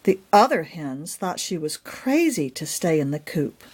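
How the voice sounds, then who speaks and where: Slow, expressive woman reading a storybook. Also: sits low, husky. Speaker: children's author reading her own book. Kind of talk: children's storybook read-aloud.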